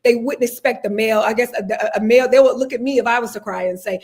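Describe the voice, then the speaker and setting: A woman's voice: medium pitch, steady tone, fast, few pauses, a little mellow, breathy edge. A young woman from the United States, an attorney guest in an interview, talking candidly and emphatically in punchy, heartfelt phrases. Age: young adult.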